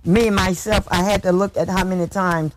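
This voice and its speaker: A man preaching a sermon in a slow, measured way, often saying hallelujah and sometimes drifting into a sing-song lilt. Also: high-pitched, steady tone. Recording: noisy background hiss.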